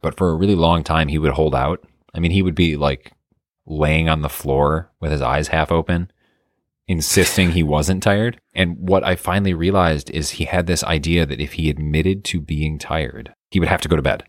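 A father co-hosting a casual podcast, relaxed with a dry sense of humor. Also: rumbling low, normal speed, no echo. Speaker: podcast co-host. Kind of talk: casual chat.

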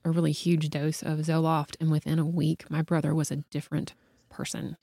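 Low-voiced, animated woman telling a story. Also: a little fast, creaky, no echo, studio quality. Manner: animated, talkative, frequent "like" fillers. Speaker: guest. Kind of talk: casual personal storytelling.

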